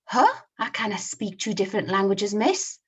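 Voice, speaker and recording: A woman's voice: moderate pace, slightly rough. Oor Wullie, a woman voicing a cheeky Scottish lad. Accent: Scottish, put on. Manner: high, lively read-aloud character voice. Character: cheeky young Scottish comic-strip boy.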